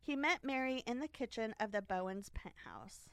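A woman's voice: a little high, lively intonation, normal speed, a bit bright, clear, resonant tone, no echo. A woman casually retelling a history story to a friend, chatty and giggly with frequent fillers and restarts. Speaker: podcast co-host telling a history story.

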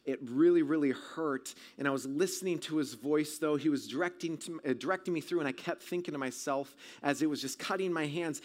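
Pastor, male, sermon storytelling; somewhat high voice, swings from shouting to hushed. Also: fairly quick, few pauses. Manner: dramatic, swinging from loud shouts to hushed tones.

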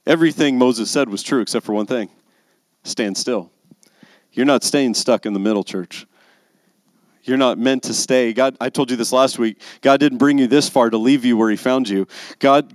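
A man's voice: medium pitch, no echo. A man preaching a sermon as pastor, building to emphatic, intense passages. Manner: rising to emphatic intensity on key lines.

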